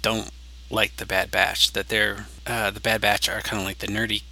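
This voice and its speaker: A man's voice: fairly low pitch, little pitch movement, moderate pace, gravelly, pushed and bright, a little hiss or hum, low-quality recording. An American man co-hosting a casual podcast chat, rambling and eager as he spins fan theories. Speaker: podcast co-host.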